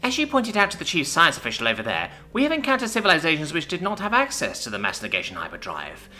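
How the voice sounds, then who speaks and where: A man voicing a small, timid mouse-like male alien officer who speaks in a squeaky, deferential way. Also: wildly swooping pitch, fast talker, sharp tone, soft background music, full character voice. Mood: polite.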